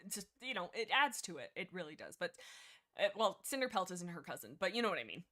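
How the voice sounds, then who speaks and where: A woman hosting a livestream, chatting casually in a rambling, excitable way with lots of restarts. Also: fairly low pitch, fast talker. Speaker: livestream host.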